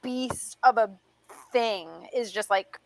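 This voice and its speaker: A woman's voice: on the high side, takes it slowly, dry recording, low-quality recording. A woman co-hosting a film podcast, chatting in a playful, slangy way and joking with her co-host. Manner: playful, slangy, jokey, says "bro". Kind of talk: casual chat.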